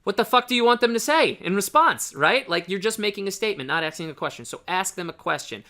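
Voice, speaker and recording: Blunt dating coach, bright voice. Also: male voice, high-pitched, lively intonation, quick pace. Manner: blunt, keeps checking in with "right?". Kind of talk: casual instructional talk.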